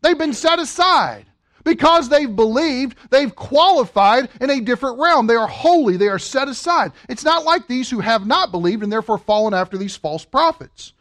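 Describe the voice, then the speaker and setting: A man's voice: very high-pitched, expressive, moderate pace, fairly bright tone. A man preaching a sermon, working through a scripture passage with rhetorical questions and humorous asides. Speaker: pastor.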